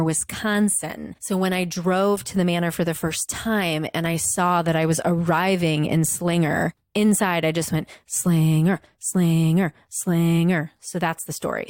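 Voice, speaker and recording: A woman hosting a podcast, telling a story in a fast, giggly, animated way and chatting casually. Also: fairly low pitch, no room sound, studio quality. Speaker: podcast host. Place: Chicago.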